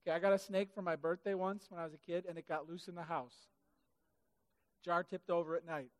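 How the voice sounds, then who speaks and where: A man preaching a sermon in a church hall, animated and comic, acting out the Bible characters in funny voices. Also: fairly high pitch, a little fast. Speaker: pastor. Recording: hall reverb.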